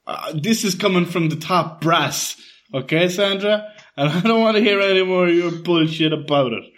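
A man's voice: high-pitched, moderate pace, a bit bright, pitched above the performer's own voice. A man playing a bossy male manager from head office in a stern, mock-official tone.

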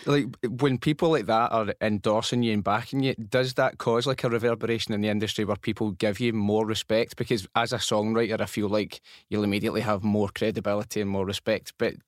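A man's voice: on the low side, steady tone, a little fast, hardly any pauses, no room sound, clean studio sound. A Scottish man hosting a podcast, asking long, rambling questions in casual slang. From Scotland. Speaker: podcast host. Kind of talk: casual interview chat.

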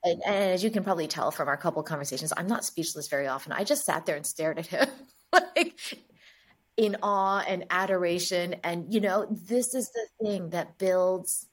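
A woman from the United States, a guest in an interview, telling stories in a lively way and acting out the dialogue. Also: on the low side. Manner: lively storyteller, acts out dialogue. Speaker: guest, agency chief executive. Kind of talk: interview storytelling.

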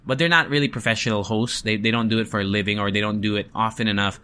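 A man's voice: fairly low pitch, steady tone, quick pace, pushed and bright, smooth. A male event host chatting casually to his viewers, switching between English and Tagalog and swearing freely. He did not grow up in the Philippines, and Tagalog is not his first language. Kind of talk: casual chat to camera.

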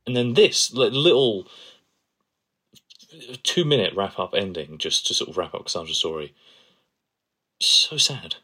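A man with a very low voice and a bright, forceful tone co-hosts a casual fan podcast. He talks with enthusiasm and gushes about moments he loves. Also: very animated, moderate pace, husky. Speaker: podcast co-host.

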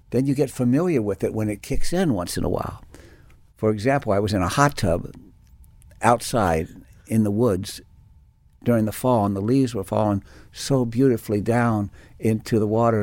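A man's voice: on the low side, normal speed, darkish tone, no room sound. A man giving a reflective spiritual talk, telling personal stories with many restarts and fillers. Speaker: spiritual teacher.

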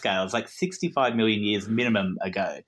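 Aussie bloke guest on a podcast, young, keeps laughing at himself, wanders off on tangents. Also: male voice, lowish voice, fast talker, a bit bright. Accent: Australian. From Queensland, Australia. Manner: self-deprecating, laughs often, rambling asides. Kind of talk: casual conversational storytelling.

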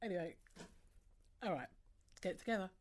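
A woman's voice: on the low side, animated, fast, darkish tone, slight background noise. A young British woman co-hosting a casual chat, teasing and giggling often with slangy banter. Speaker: co-host.

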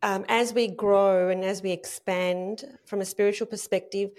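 A woman's voice: mid-range voice, steady tone, moderate pace, a little mellow. A woman hosting a spiritual conversation, reflective and prompting her guest with questions. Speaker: host.

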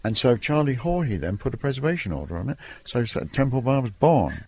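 A man's voice: medium pitch, very animated, fairly quick, a little mellow, breathy edge. An older man from Ireland, a photographer telling stories from his career in a chatty, reminiscing interview. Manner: reminiscing, chatty, laughs between lines. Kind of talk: storytelling interview.

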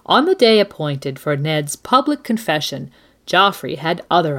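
A woman's voice: low-pitched, sing-song, unhurried, fairly bright tone. A woman co-hosting a book discussion podcast, narrating expressively and reading quotes aloud. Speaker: co-host.

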